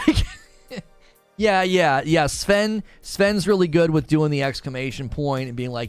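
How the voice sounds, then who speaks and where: A man's voice: medium pitch, expressive, moderate pace, faint music behind. Rambling man chatting on stream. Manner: rambling, self-interrupting, laughs often. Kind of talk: casual chat with stream viewers.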